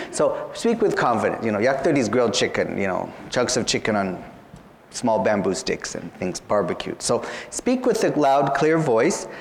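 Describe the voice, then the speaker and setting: A man's voice: medium pitch, a little mellow, slight background noise. A man tutoring students for an interview exam, explaining each point patiently and often saying "you know". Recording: long hall reverb.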